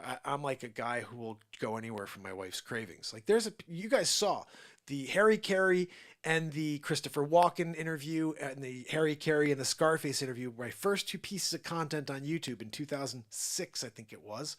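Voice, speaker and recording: A middle-aged man hosting a live show, ranting in an animated improvised monologue that swings between loud outbursts and low muttered asides, with mocking put-on voices. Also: fairly quick. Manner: does mocking put-on voices and mock Spanish.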